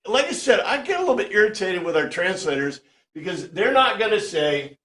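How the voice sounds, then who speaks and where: Man, Bible study teacher, conversational and animated, slightly high voice, echoey room. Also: a little fast. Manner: conversational, animated, keeps asking "right?". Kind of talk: informal Bible study lecture.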